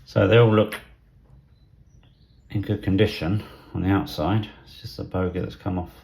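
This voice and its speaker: Low gravelly middle-aged man thinking aloud. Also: steady tone. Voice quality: soft, half-whispered at times. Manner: thinking aloud, halting with fillers. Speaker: model railway vlogger. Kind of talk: casual hobby unboxing commentary.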